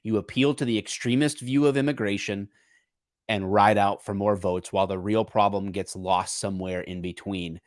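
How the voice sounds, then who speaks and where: A man's voice: on the low side, steady tone, moderate pace, no room sound, studio quality. A man co-hosting a podcast, talking through an issue in a casual, earnest way and often restarting his sentences as he searches for words. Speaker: podcast co-host. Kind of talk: casual political discussion.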